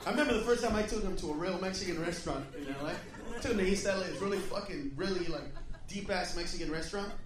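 An American man doing a stand-up comedy set, loud and profane, shouting through his characters' voices. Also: high voice, fast, reverberant, far from the mic, a crowd in the background. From United States.

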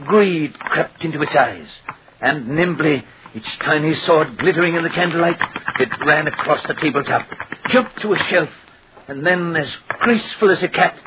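A scheming dollmaker played by a man gives his testimony dramatically, in a slightly high voice. The recording is dull and lo-fi, with clear hiss, as on an old radio broadcast.

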